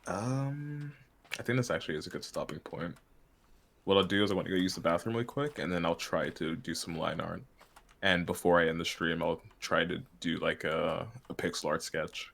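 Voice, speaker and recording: A man's voice: low-pitched, normal speed, gravelly, a bit bright. A man chatting casually on a stream while he paints, rambling and often laughing. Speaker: art streamer.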